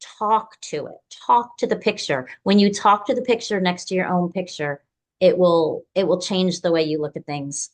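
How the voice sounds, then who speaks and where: A woman's voice: lowish voice, normal speed. A woman hosting a podcast, giving a guest direct, practical advice in a firm, encouraging way. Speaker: podcast host. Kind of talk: advice in conversation.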